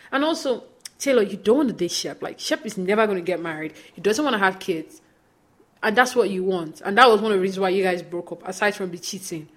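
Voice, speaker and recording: A young woman hosting a podcast, casually recapping a reality show and acting out what the cast said in lively quoted voices. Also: mid-range voice. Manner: chatty, animated retelling with quoted voices. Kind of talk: casual chat.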